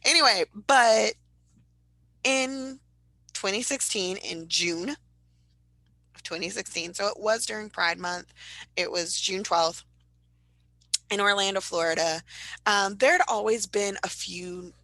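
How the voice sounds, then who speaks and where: Gravelly, bright-voiced woman co-host. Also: dry recording, low-quality recording. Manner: animated storytelling with sudden high-pitched impressions. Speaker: podcast co-host. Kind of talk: casual chat.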